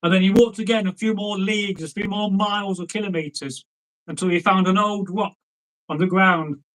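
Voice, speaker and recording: A man's voice: high voice, fairly even intonation, normal speed, a bit bright, rough recording. A man telling a folk tale aloud in a chatty, rambling way, often turning aside to address listeners. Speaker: storyteller. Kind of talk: oral folk tale storytelling.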